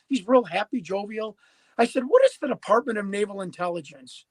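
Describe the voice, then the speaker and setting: Emphatic high-voiced man in his fifties. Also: a little fast, dry recording, rough recording. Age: 50s. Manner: emphatic, repeats and restarts words. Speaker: podcast guest. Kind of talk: animated storytelling.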